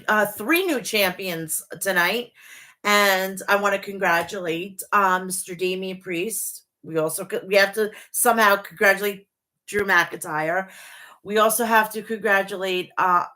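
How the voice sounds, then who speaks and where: Teary woman in her 40s, talks slow n bright, cussing and gushing in her home vlog. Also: mid-range voice. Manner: emotional, profane, gushing. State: tearful. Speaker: wrestling show reviewer. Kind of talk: casual review vlog.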